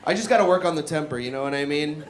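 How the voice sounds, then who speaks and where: A man's voice: fairly high pitch, lively intonation, racing. A man doing a live stand-up set in a barbershop, profane and self-mocking, often quizzing the crowd. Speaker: stand-up comedian. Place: live comedy show in a barbershop. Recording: echoey room with loud audience.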